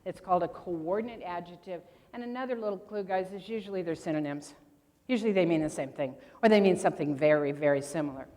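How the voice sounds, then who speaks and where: A woman's voice: lowish voice, a little mellow. A woman giving a convention talk on grammar, quizzing the audience with questions and playful asides. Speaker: convention speaker. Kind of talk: lecture to an audience. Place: convention meeting room. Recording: long reverb from a large room.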